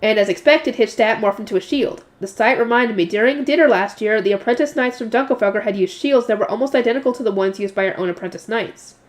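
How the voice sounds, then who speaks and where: A woman's voice: a little high, fast, few pauses. Woman casually reading a novel aloud. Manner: casual reading with self-corrections and commentary. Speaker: narrator and channel host.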